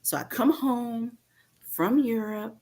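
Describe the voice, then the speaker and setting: A woman's voice: fairly high pitch, slow pace. A woman in her fifties from North Carolina, telling stories as an interview guest and acting out other people's lines. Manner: animated storyteller, acts out others' lines. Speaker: interview guest, author and femininity coach. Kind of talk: casual storytelling interview.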